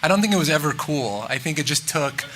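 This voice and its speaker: A man, a film director, answering interview questions in a thoughtful, halting way, full of fillers and restarts. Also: fairly high pitch, lively intonation, fairly bright tone, a little hiss or hum. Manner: thoughtful, musing. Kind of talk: press junket interview.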